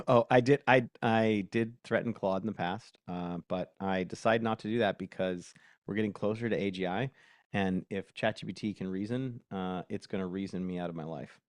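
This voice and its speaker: A man's voice: lowish voice, moderate pace, dry recording, clean studio sound. A man hosting a casual live workshop, talking in a chatty, self-mocking way while dictating prompts aloud. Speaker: host.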